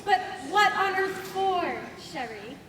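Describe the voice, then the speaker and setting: A young woman playing a vain, melodramatic actress in a school stage play, in a shrill voice. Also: animated, slow pace, a crowd in the background, exaggerated voice. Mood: puzzled. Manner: melodramatic, swooping from hushed to shouting. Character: gushing theatrical actress, dramatic and vain. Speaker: student stage actor. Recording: echoey hall from far off, noisy.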